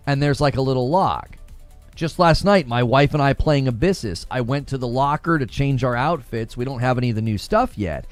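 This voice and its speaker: A man hosting a gaming livestream, chatting casually and acting out little jokey scenes in quick voices. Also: fairly high pitch, no room sound. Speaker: livestream host reacting to gaming videos.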